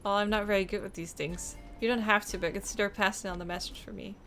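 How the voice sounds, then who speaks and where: A woman's voice: mid-range voice, steady tone, fast, a bit bright, faint music behind, lightly acted. A woman voicing a friendly, chatty male detective with a put-on Texan drawl, reading game dialogue aloud. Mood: folksy.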